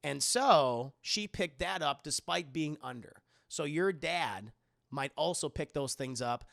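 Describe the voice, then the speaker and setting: A man recapping a TV episode on a live stream in a casual, animated, profane way, often addressing his chat. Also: fairly high pitch, a little slow, vocal fry, no room sound, studio quality. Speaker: streamer and TV reviewer.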